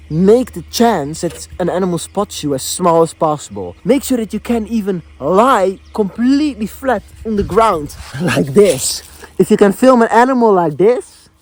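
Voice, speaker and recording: A young man, a wildlife filmmaker, chatting casually about his camera gear, restarting and repeating phrases as he goes. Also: sits high. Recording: faint background noise.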